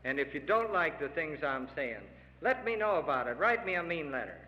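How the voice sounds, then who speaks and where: A man's voice: a little high, lively intonation, a little fast. A middle-aged man giving an earnest, emphatic public speech to farmers, pleading with his audience. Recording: lo-fi archival radio recording with long hall reverb.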